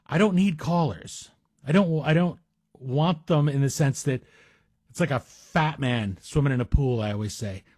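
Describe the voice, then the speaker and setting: Guest hosting a talk radio show, a middle-aged man of Greek heritage chats wryly and tosses in self-deprecating asides. His mid-range voice moves at an ordinary pace and sounds slightly mellow, captured cleanly on a studio microphone with no echo.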